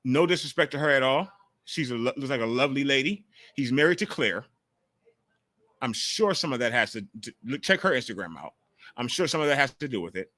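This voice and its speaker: A man hosting a casual call-in sports talk livestream, talking in an animated, profane way on a close mic. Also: mid-range voice, a little fast, no echo. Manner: animated, profane, jumps into mocking quotes. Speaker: call-in show host.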